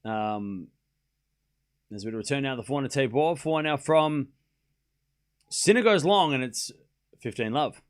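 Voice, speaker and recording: A man hosting a live tennis watchalong stream, calling each rally shot by shot and chatting with his viewers in an excitable way. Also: medium pitch, unhurried, pauses often, clean tone. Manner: excitable, calls rallies shot by shot and talks to chat. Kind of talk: live play-by-play commentary and chat.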